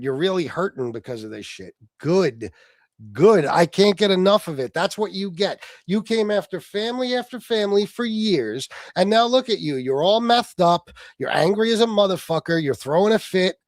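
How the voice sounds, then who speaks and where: A man hosts a livestream and argues with heated, profane mockery. His voice sits a bit high and leaps around a lot. The sound is dry and close. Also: dry recording. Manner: profane, mocking, shouting at times. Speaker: livestream host.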